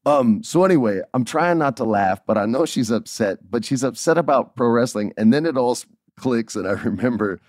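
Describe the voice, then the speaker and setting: A man hosting a podcast, telling a family story in a casual, animated way with frequent laughs. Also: mid-range voice, fairly quick, no room sound, studio quality. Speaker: podcast host.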